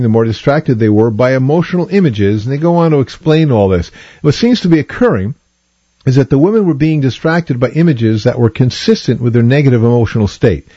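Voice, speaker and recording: A man's voice: medium pitch, warm tone, husky, no room sound, muffled recording. A man hosting a talk show, chattily explaining research and addressing listeners directly.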